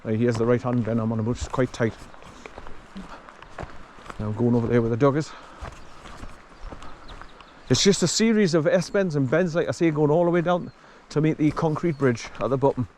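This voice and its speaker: A hiker films himself walking a rural forest track while rambling on to the viewer in casual narration. His darkish, mid-range voice moves at a moderate pace broken by long pauses, with slight background noise.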